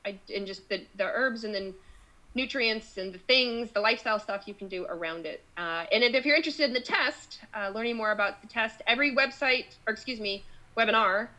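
A woman doctor, a guest on a podcast over a call, who talks in an animated way and often restarts her sentences. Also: on the high side, fairly quick, rough recording. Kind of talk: casual interview chat.

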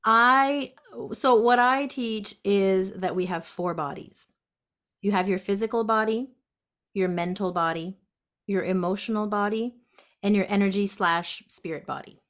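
A woman guest on a podcast, gently explaining step by step how to handle anxiety, acting out the inner voice. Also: medium pitch, unhurried. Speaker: guest, intuitive health practitioner. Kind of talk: casual podcast conversation. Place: sunroom at home.

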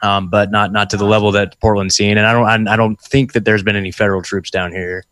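A man's voice: lowish voice, flat delivery, quick pace, fairly bright tone, no room sound. A man from Oregon talking in a casual chat, a bit hesitant with restarts.

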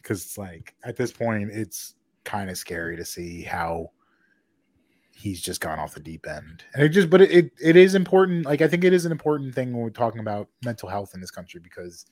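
Lively-voiced man chatting on a podcast. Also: on the low side, brisk, no echo, clean studio sound. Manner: laughs often, animated and swearing. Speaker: podcast co-host. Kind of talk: casual chat.

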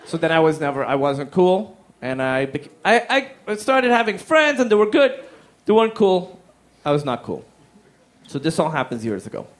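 A man telling a stand-up comedy story, animated and profane, acting out the people in it with silly voices. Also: sits high, fairly quick, background noise. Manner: animated, acts out quotes in silly voices, swears freely.

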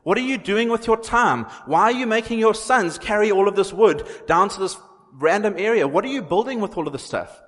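A man's voice: high-pitched, animated, fairly quick, a bit bright, voice pushed up. A man voicing a scoffing bystander who fires off mocking, incredulous questions. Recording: long hall reverb.

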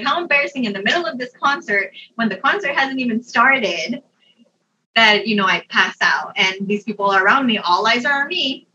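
A young adult woman telling a personal story in a casual, animated way, laughing often and using lots of fillers. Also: on the high side, slight background noise. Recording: dull, distant mic sound.

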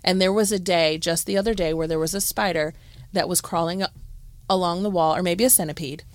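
Low-voiced woman, animated chat. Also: a little fast, no room sound. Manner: animated, exasperated storytelling. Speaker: podcast co-host. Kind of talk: casual chat.

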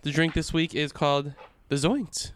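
A man's voice: fairly high pitch, slight background noise. A man hosting a podcast, chatting casually and jokingly about a movie with his co-hosts. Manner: quick, joking banter with laughs. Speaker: podcast host. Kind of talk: casual movie review chat.

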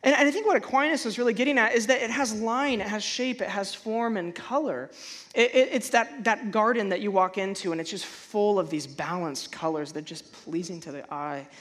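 A man preaching a sermon in a conversational way, stumbling and restarting often, then bursting out loudly when he acts out a feeling. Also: high-pitched, a little fast. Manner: animated, conversational, frequent restarts and stammers. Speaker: pastor.

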